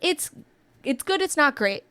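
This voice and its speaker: A woman's voice: high-pitched, measured pace, no echo. Chatty young woman with a Chesapeake accent. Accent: Chesapeake Bay region. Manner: animated, many "like" fillers, slips into Southern twang. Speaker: podcast co-host. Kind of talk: casual pop culture chat.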